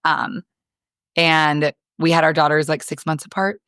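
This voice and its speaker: A woman in her thirties tells a story on a podcast, candid and quick to swear as she plays out the dialogue. Her voice sits very low for a woman. The sound is dry and close. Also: steady tone, fairly bright tone, dry recording. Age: 30s. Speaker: podcast co-host. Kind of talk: casual storytelling chat.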